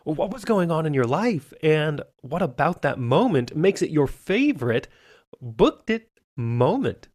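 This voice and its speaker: A man's voice: on the high side, sing-song, a little slow, darkish tone. A man hosting a podcast, asking his guest questions and offering brief encouraging affirmations. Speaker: podcast host. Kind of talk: casual interview.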